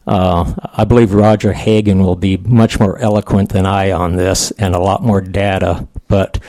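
A man's voice: on the low side, mellow, no room sound. A man in his sixties, a veterans' advocate giving plain-spoken, folksy testimony at a committee hearing.

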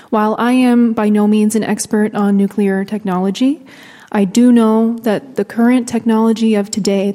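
Utility rep, female, mellow and measured, formal testimony with a long hall reverb. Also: mid-range voice. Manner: measured, read-out statement. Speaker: utility company representative testifying. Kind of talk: prepared public testimony. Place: legislative hearing room.

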